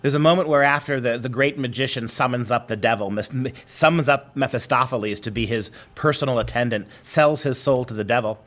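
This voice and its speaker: A man who teaches literature at a university speaks in a conversational lecture style. He is an animated storyteller and acts out the quotes he tells. His voice sits at a mid pitch. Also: a little fast, few pauses.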